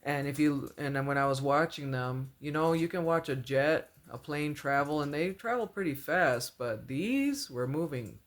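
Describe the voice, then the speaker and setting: A woman's voice: low voice, normal speed, few pauses. Woman vlogger recounting a dream, casual and rambling, heavy on fillers, earnest and religious. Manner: rambling, full of "like" and "you know", repeats phrases. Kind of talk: casual storytelling.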